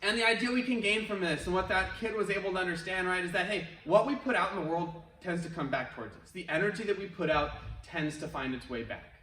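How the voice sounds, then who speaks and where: A man's voice: sits high, fast, fairly bright tone, slight background noise. A man teaching an online martial arts class, upbeat and encouraging, with chatty asides, talking through a face mask. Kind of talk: online workout class instruction. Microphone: wears a face mask while talking. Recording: roomy echo, distant from mic.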